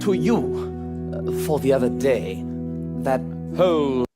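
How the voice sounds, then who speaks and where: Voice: medium pitch, very animated, slow, loud music behind the voice. An actor playing a flustered, stammering imperial commander. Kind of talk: stage musical parody acting.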